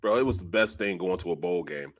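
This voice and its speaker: A man's voice: low-pitched, fairly quick. A middle-aged man co-hosting a casual sports talk show, laughing often and calling people bro and man. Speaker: co-host.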